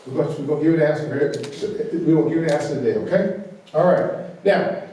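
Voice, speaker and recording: Fast, loud Southern man in an echoey room. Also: fairly high pitch. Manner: energetic, repeats "okay?" to check in with the audience. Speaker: workshop presenter. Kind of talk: financial training workshop lecture. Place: large meeting room. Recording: very echoey room, voice far from the recorder.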